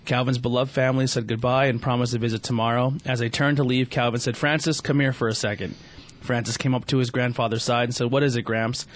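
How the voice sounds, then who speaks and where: A man's voice: medium pitch, fairly even intonation, fast talker, slight background noise. A young adult man, a podcast host, casually reading a fan story aloud on his show, stumbling often and restarting lines. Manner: stumbling read-aloud with frequent restarts and fillers.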